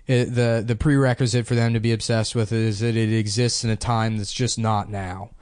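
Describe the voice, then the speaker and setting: A man's voice: lowish voice, flat delivery, fairly quick, darkish tone, smooth, no echo, clean studio sound. A man hosting a casual comedy podcast, crude and sarcastic, now and then slipping into mocking impressions.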